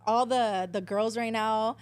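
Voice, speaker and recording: Young woman guest, spanglish, cusses a lot, acts out every quote, kinda high voice. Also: measured pace, clear, resonant tone. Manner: animated storytelling, swears freely, acts out quotes; switches between English and Spanish. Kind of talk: casual chat.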